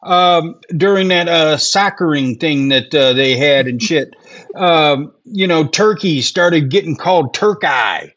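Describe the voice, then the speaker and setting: A man's voice: fairly high pitch, slow, fairly bright tone. A middle-aged man from Wisconsin co-hosting a casual podcast, ranting and swearing, with lots of fillers and rambling asides. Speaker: podcast co-host. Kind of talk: casual chat. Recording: dull lo-fi sound.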